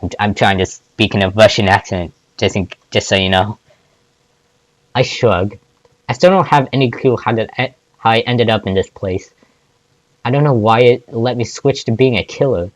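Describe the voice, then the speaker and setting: A man's voice: fairly low pitch, moderate pace, no echo. A man reading fan fiction aloud, often stumbling and restarting words. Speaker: fanfic reader.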